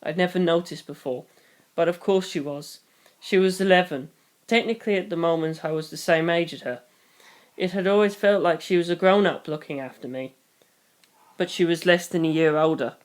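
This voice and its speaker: Reader narrating a novel in first person. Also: medium pitch. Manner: brisk, with wry asides.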